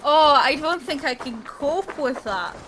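A young woman streamer talks over her gameplay in unhurried, exasperated asides, breaking into giggles. Her voice sits high, and clear noise runs underneath. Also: animated, fairly bright tone. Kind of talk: casual let's play commentary.

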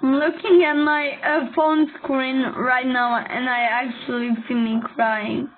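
A woman talking through tears in a reaction video, halting, repeating herself and apologizing. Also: high-pitched, flat delivery. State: crying. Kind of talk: emotional reaction commentary. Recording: thin phone-like audio.

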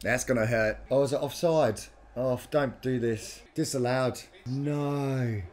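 A man's voice: medium pitch, fairly even intonation, a little slow, very noisy. An Australian man hosting a live football reaction, sweary, heated and blunt. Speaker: host watching football. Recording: echoey room with music behind.

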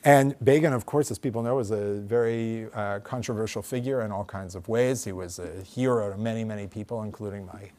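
A rabbi giving a conversational lecture to a live audience, thinking aloud with hedges and frequent restarts. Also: male voice, lowish voice, fairly quick, hardly any pauses, darkish tone. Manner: thoughtful, hedging, many fillers and restarts. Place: lecture room with in-person audience.

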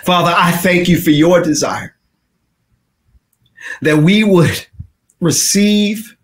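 Man preaching, high voice, slow delivery, dramatic, shouting then hushed. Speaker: pastor. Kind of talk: sermon.

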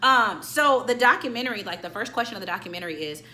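A woman in her late twenties reviewing a film in a chatty, animated way, talking straight to her viewers. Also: medium pitch, quick pace. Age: late 20s. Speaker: YouTube movie reviewer. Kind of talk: casual chat review.

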